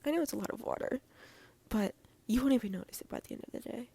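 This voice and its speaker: A woman reading fan fiction aloud as a podcast host, soft-spoken and often sliding into a near-whisper, with gushy, affectionate asides to her listeners. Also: fairly high pitch, lively intonation, fast, gravelly, slightly rough.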